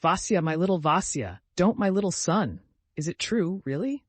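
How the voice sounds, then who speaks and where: Arkady, a man doing an excitable sentimental fellow. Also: high-pitched, moderate pace, no room sound, pitched above the performer's own voice. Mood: excited. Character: excitable, sentimental young man, loud and impulsive. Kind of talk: audiobook character reading.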